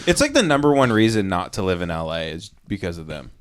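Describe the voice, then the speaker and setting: Young guy with a lowish voice, deadpan jokes, swings around a lot. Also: fast talker, slight background noise. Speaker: podcast co-host. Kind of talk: casual comedic chat.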